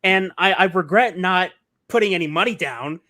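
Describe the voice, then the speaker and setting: A man's voice: high-pitched, moderate pace, pushed and bright. Eager rambling male podcast host. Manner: rambling, enthusiastic, many fillers and restarts. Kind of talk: casual interview chat.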